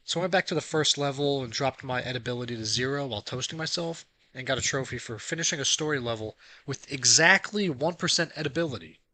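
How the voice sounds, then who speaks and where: Bright-voiced young man gaming host. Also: medium pitch, quick pace, few pauses, low-quality recording. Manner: swears heavily and rants when frustrated; calm, dry recap narration. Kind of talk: recapping gameplay with a raging clip.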